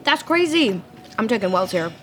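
A woman's voice: mid-range voice, normal speed. Bubbly woman telling stories over dinner. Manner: bubbly, animated storyteller, laughs often. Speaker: guest. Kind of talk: casual dinner conversation. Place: restaurant.

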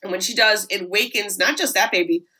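Bright woman recapping a film. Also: medium pitch, fairly quick. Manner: animated storytelling with swearing and asides. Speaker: podcast host.

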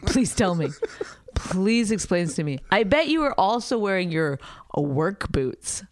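A woman's voice: medium pitch, very animated, unhurried, dry recording. A woman with a New York accent co-hosting a podcast, teasing and incredulous, swearing freely in casual banter. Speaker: podcast co-host.

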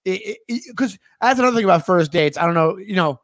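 High-pitched guy chatting, giving dating advice, dry close sound. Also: animated, fast, no room sound. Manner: chatty, gives advice, acts out quotes. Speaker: podcast co-host. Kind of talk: casual chat.

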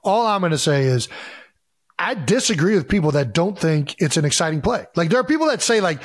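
A man's voice: high-pitched, sing-song, normal speed, husky, dry recording, clean studio sound. A man in his thirties co-hosting a podcast, talking football animatedly with emphatic rhetorical questions. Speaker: podcast co-host, football player. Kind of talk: casual sports chat.

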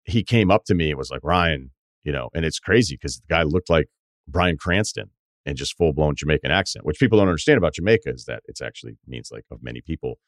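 A man in his forties hosting a podcast, telling rambling stories in casual chat with swearing and animated asides. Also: extremely low pitch, fast, no echo, clean studio sound. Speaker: podcast host.

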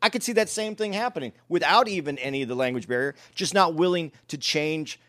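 A man's voice: on the high side, animated, brisk, a bit bright, no echo. A man in casual chat, reasoning through a point and acting out imagined dialogue.

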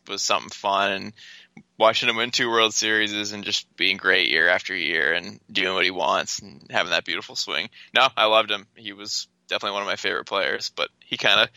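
A man's voice: on the low side, pushed and bright, no echo, poor audio. A man co-hosting a casual sports podcast, giving plain opinions and teasing his co-host. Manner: teasing, matter-of-fact opinions.

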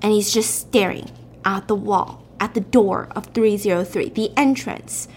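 A woman's voice: medium pitch, unhurried, a little hiss or hum. A woman chatting and laughing as she retells a story while cooking in a home kitchen. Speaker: vlogger.

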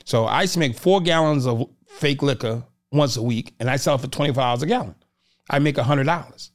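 A Boston-area man appears as a podcast guest, chatting casually and telling stories while animatedly acting out what others said. His voice is medium-pitched and brisk.

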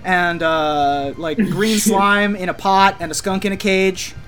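A game master narrating a tabletop game in a relaxed, chatty way with frequent fillers. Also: mid-range voice, takes it slowly, faint music behind.

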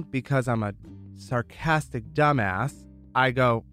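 Chatty guy from michigan telling his startup story, smooth clear voice, says "like" a lot. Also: medium pitch, measured pace, fairly bright tone, soft background music. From Michigan, USA. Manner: candid, chatty, peppered with "like". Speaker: entrepreneur guest. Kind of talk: casual storytelling.

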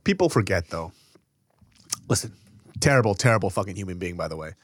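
A comedian co-hosting a casual podcast, crude and joking in his banter. His pitch moves a lot as he talks, and the close mic sounds dry. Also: animated, a little fast, no echo. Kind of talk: casual chat.

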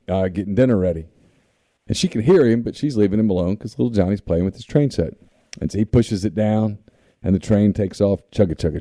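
Deep-voiced dark-toned male radio host. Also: no echo. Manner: animated storytelling with loud character voices. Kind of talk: casual call-in chat, telling a joke.

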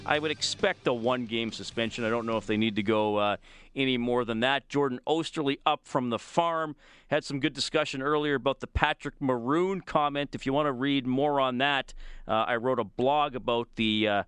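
A man's voice: mid-range voice, moderate pace, a bit bright, clear, resonant tone, dry recording, clean studio sound. Man hosting sports radio. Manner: conversational, with frequent fillers and restarts. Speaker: radio sports show host. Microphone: studio microphone.

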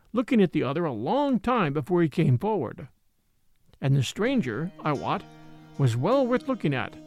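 A man narrating an old adventure tale in an expressive storytelling manner. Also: fairly high pitch, no room sound.

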